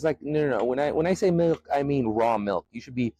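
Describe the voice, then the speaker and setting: A podcast host from the former Soviet Union delivers an emphatic, profane comedic rant at a brisk pace, often leaping into a high, excited pitch. The recording is rough, with no room sound.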